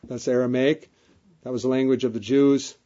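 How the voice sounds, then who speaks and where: A man's voice: medium pitch, level tone, normal speed, dark tone. A man preaching a sermon, reading King James scripture aloud and repeating key phrases for emphasis. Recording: dull lo-fi recording.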